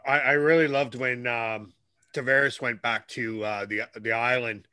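Bright, crisp-voiced male podcast co-host. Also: mid-range voice, steady tone, unhurried, no room sound. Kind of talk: casual chat.

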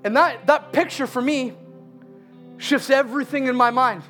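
High-voiced man telling a sermon story. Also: faint music behind. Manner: animated, laughs through his story, slows for emphasis.

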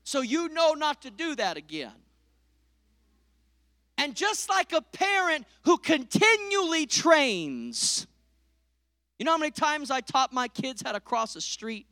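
A middle-aged man preaching a sermon, swinging from loud peaks to hushed lines and calling out to the congregation. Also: very high voice, big pitch swings, a little slow, no echo, clean studio sound. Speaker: pastor.

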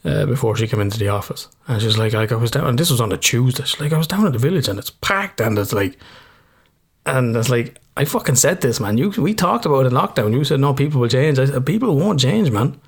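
An Irish man chatting loosely with a friend, his voice gravelly with plenty of vocal fry. He swears freely and breaks into laughter often. His pitch sits in an ordinary middle range. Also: animated, fast talker. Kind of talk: casual chat.

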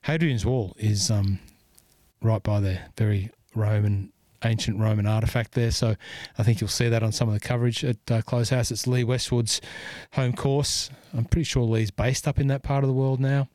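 Rambling man, mellow voice. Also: mid-range voice, steady tone, normal speed, no echo, studio quality. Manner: rambling, lots of fillers and "you know". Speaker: podcast host. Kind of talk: casual golf podcast chat.

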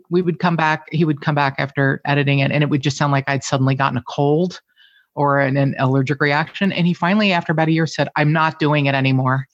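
A woman's voice: sits low, no echo. A woman podcast host being interviewed from home, talking candidly and emotionally, swearing freely and laughing often. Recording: dry, slightly dull lo-fi sound.

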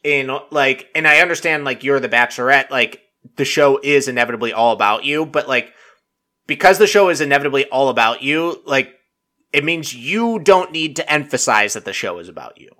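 A man's voice: mid-range voice, animated, a little fast, pushed and bright. A man chatting casually and rambling through a TV recap, packing his talk with fillers and swearing freely. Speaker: reality TV recap vlogger. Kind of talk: casual chat.

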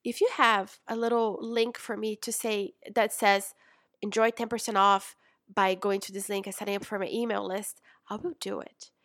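A young adult woman coaching in a chatty, animated way, calling her listener mama and sis. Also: mid-range voice, normal speed, dry recording, studio quality. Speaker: business coach. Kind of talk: casual coaching talk.

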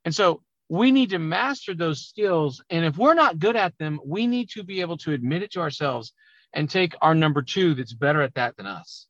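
A man talking loudly and emphatically as a business coach in a conversational podcast interview. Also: a little high, moderate pace, dry recording, dull audio. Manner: loud, emphatic, animated talker. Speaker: auto repair business coach.

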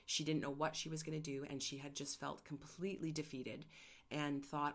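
A woman's voice: deep voice, level tone, moderate pace. A middle-aged woman, an artist hosting her own show, telling a personal story candidly and getting emotional. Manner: candid, emotional, gets choked up. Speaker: podcast host and artist.

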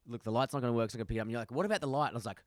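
Swearing Australian bloke telling stories. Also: male voice, medium pitch, very fast, no room sound, studio quality. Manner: swearing, animated storytelling with voiced quotes. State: a few beers in. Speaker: podcast co-host. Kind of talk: casual chat.

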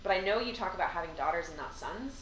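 With lively intonation and a fast, lowish voice, a woman co-hosts a casual conversation, reading poems and teasing her friend. Laughing often, she's recorded on a slightly distant mic in an echoey room with a faint background hiss.

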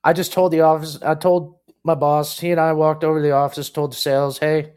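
A slightly high-voiced man co-hosting a podcast, telling his side of the chat crudely and laughing along. His talk is loose and casual. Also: flat delivery, brisk, darkish tone, smooth. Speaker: podcast co-host.

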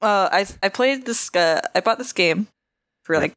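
A woman co-hosting a casual podcast chat, playful and giggly, often breaking into high shrieking laughs. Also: expressive, normal speed, fairly bright tone, no echo. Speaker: podcast co-host.

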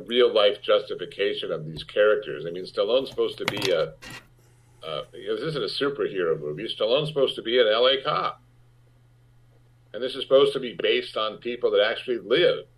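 A man, an actor, speaking frankly in a conversational interview, halting with restarts and rising sharply when he makes a point. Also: fairly low pitch. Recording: muffled lo-fi audio.

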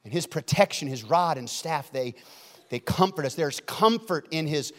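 A man preaching a sermon as pastor, acting out stories with sudden shouts and then dropping soft. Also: fairly high pitch, animated, moderate pace. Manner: dramatic, shouts and acts out stories, swings loud to soft. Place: large church hall. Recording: long hall reverb.

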